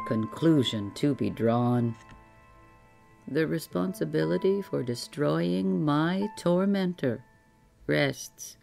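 A woman doing a plump, ruthless employer in a bedtime storybook. He speaks slowly and smoothly, each threat delivered calmly. His voice is very low and gravelly, with faint music underneath. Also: full character voice. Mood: cold. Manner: suave, unhurried, coolly menacing.

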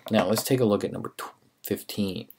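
A man's voice: on the low side, a little fast, vocal fry, darkish tone, a little hiss or hum. A man teaching a recorded math lesson, talking casually through worked steps and encouraging students.

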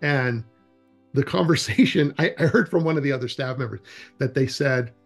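Speaking at a normal pace in a mid-range voice with vocal fry, a wilderness education program's executive director tells casual stories in an interview about outdoor education, soft music playing behind him. He's loose and rambling with frequent restarts, animatedly acting out the dialogue.

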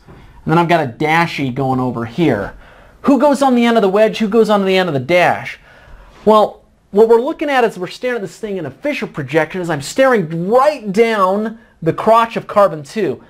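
A middle-aged man with a fairly high voice gives a laid-back whiteboard lecture. He poses questions to himself and answers them in an informal, chatty way. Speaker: chemistry tutor.

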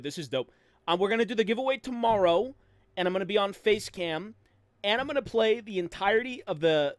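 A young man from Canada streaming a game, excitable, goofy and profane in casual chat. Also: high voice, no room sound.

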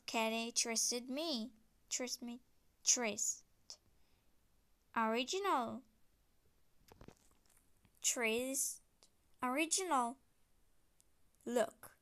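High-pitched woman telling a homemade story, super slow, broken english, lots of restarts. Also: fairly bright tone, smooth. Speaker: storyteller voicing her own characters. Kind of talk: homemade story video narration.

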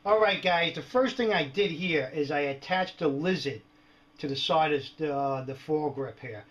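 A man's voice: fairly high pitch, normal speed, a bit bright. A man casually showing off his gear in a joking, chatty home video, often checking in with "right?" and "all right". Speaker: prepper video host. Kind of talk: casual show-and-tell vlog. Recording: dull lo-fi home video audio.

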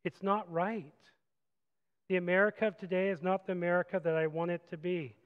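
A man preaching a sermon as pastor, animated, moving from loud acted-out quotes to quiet reflective passages. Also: high voice, a little fast, clean tone, long reverb tail, phone-quality sound. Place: church sanctuary.

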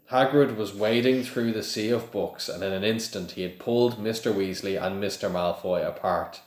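Low-voiced man reading a novel aloud. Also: normal speed, hardly any pauses. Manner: plain, steady reading with small slips. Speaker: reader of a book to listeners. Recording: echoey room.

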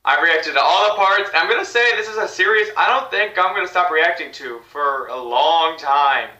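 A man hosting a reaction video, chatting excitedly to viewers. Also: fairly high pitch, normal speed, reverberant, recorded from a distance. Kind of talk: casual reaction commentary.

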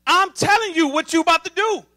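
A man preaching an emphatic sermon to a congregation, calling for responses from the pews and building up to shouting. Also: very high voice, a little fast. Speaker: assistant minister.

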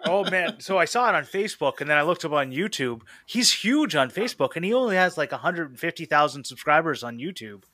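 A man's voice: on the high side, expressive, a little fast, hardly any pauses, bright, forceful tone, no echo. A man co-hosting a podcast in casual chat, rambling through recommendations with laughs. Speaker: podcast co-host.

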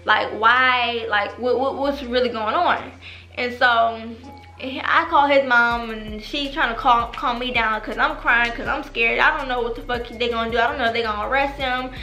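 Young woman, AAVE speech, bright tone, roomy echo, faint music under; animated, profane storyteller. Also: on the high side, normal speed. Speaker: vlogger. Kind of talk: storytime vlog. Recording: echoey room with music behind.

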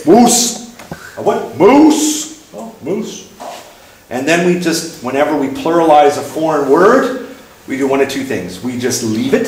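A man giving a relaxed, self-mocking talk to a live audience, his pitch leaping around as he plays out small dialogues. He is picked up from some distance, so his voice rings through a very reverberant room with a faint hiss underneath. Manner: playful and self-mocking, acts out little dialogues. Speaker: guest speaker at a talk event. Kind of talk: casual public talk on word origins.

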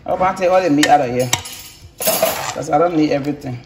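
A woman's voice: fast, noisy background. A woman, chatting casually to the camera at her home and yard as a vlogger. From Liberia. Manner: chatty, talks to camera and to kids and dogs, lively swings up into high scolding. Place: outdoors at a home yard and kitchen.

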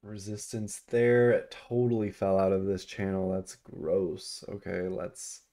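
A young adult man talking casually as he charts stocks on screen, thinking aloud with frequent ums and excited exclamations. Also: deep voice, unhurried. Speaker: stock market vlogger. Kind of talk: casual screen-share commentary.

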